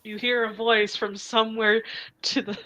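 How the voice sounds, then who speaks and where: A woman's voice: a little high, little pitch movement, moderate pace, sharp tone, dull audio. A woman running a tabletop role-playing game, narrating scenes and joking with her players. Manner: playful, jokes with the players. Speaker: game master.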